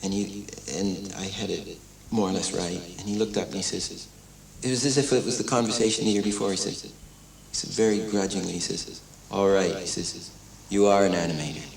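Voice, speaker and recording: A man's voice: on the low side, fairly quick, vocal fry. Older man telling animation studio stories. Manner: animated storytelling, acts out quotes, many restarts. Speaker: animator and director. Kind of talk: documentary interview reminiscence. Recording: echoey room, distant mic, crowd noise.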